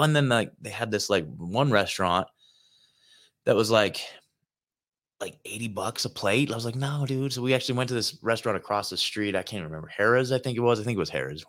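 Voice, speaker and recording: Guy with a lowish voice rambling about his trip, lots of likes and dudes, cursing here and there. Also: fast, fairly bright tone. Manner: rambling, peppered with filler and swearing. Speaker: host. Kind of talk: casual rambling monologue. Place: hotel room.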